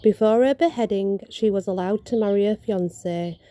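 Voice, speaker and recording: A woman's voice: mid-range voice, normal speed, warm tone, no room sound. A woman reading ghost stories from notes outdoors, stumbling now and then and correcting herself, with casual asides.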